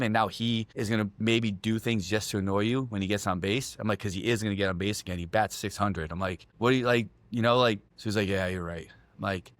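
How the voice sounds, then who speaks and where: A man's voice: lowish voice, fairly bright tone, dry recording. A middle-aged man co-hosting a podcast in casual chat, telling stories with lots of swearing and acting out his own quotes. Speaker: podcast co-host.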